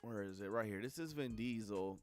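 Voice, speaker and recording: A man's voice: lowish voice, moderate pace, soft background music. A young man giving a casual, profane film review on a livestream, blunt and full of slangy asides. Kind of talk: casual movie review rant.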